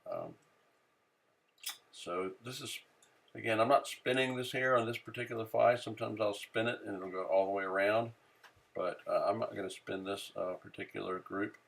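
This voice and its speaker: A man with a low, gravelly voice talks through fly tying in a relaxed, unscripted way. He pauses often on "uh" and thinks aloud as he works, sounding like a friendly instructor at his bench. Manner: relaxed, many "uh" fillers, thinking aloud while working. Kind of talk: casual how-to narration.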